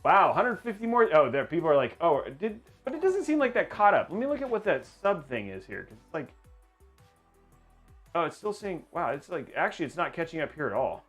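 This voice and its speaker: A man's voice: fairly high pitch, big pitch swings, brisk, a bit bright, husky, soft background music. Rambling, playful male stream host. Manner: rambling, playful, self-mocking. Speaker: livestream host. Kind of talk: casual livestream chat.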